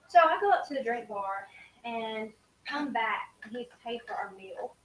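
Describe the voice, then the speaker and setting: A woman telling travel stories to a group in a casual, animated way. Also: a little high, normal speed. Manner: animated, acts out quoted lines. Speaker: student speaker sharing travel stories. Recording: echoey room from a distance, faint hiss.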